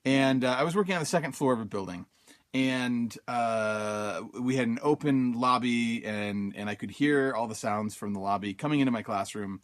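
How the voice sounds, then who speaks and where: Mid-range in pitch and normal in speed, this man hosts a self-help podcast and comes from Utah, USA. He recounts a personal story casually, leaning on many fillers and performing his own thoughts as quoted lines.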